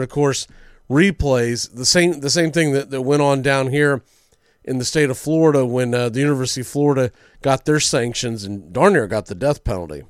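Chatty sports radio host. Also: male voice, fairly high pitch, no echo, studio quality. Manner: storytelling, chatty with small slips.

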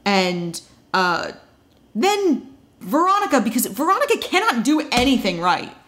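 A woman's voice: on the high side, big pitch swings, fairly bright tone, slight background noise. A woman co-hosting a podcast, recapping a TV episode in casual chat with wry asides. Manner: chatty, wry asides, quick quoted voices.

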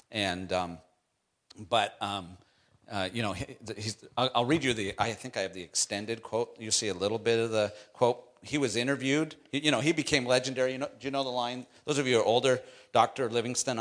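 A middle-aged male pastor preaching a sermon, moving from quiet, intense passages to loud, climbing emphasis. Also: lowish voice, fairly even intonation, fairly quick.

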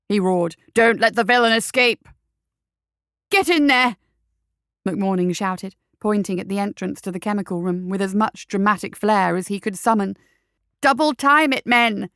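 An audiobook narrator, a woman with a middle-pitched voice, reads a novel aloud in a steady, measured storytelling style as scripted narration. The recording is close and dry, with no room sound.

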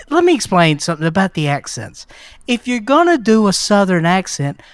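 A man's voice: sits high, big pitch swings, normal speed, no echo. A man from Mississippi co-hosting a casual film podcast, wry and teasing, talking with restarts. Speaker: podcast co-host.

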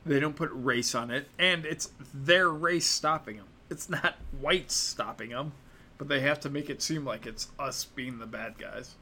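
A man's voice: mid-range voice, normal speed, hardly any pauses, sharp tone, a little hiss or hum. Sarcastic, profane American man ranting. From United States. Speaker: commentator. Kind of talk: opinionated casual commentary.

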